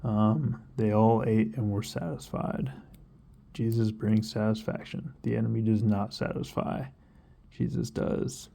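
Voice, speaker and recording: A man's voice: fairly low pitch, steady tone, a little slow, creaky, dark tone. A young man talking casually through a Bible passage, rambling and conversational with lots of fillers and side tracks. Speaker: Bible reader sharing reflections. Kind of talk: casual devotional talk.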